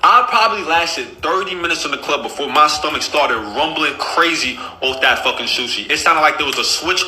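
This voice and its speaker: A man on a podcast telling a comic story in a casual, profane, animated way. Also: fairly high pitch, brisk, reverberant, background noise. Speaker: podcast host.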